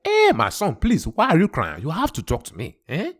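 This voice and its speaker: Brief: man playing a stern West African dad, alarmed then fed up, voice pitched up and leaping around. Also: huge pitch swings, moderate pace. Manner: bewildered, pleading, exasperated. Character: stern alpha-male West African father.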